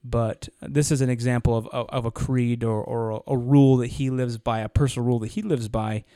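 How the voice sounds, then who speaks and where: A man's voice: mid-range voice, fairly even intonation, a little fast, mellow, no room sound, clean studio sound. A young man co-hosting a casual podcast, rambling through a story and acting out the people in it. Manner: rambling, acts out quoted people in anecdotes. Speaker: podcast co-host.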